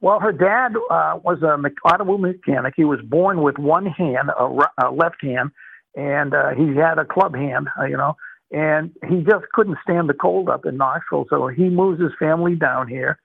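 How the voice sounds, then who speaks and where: An older retired man from Boston tells his life story in an oral history interview, rambling warmly with lots of fillers and restarts. His voice is gravelly, husky, and on the high side, moderately paced. The sound is dry and tinny like a phone, with no room sound.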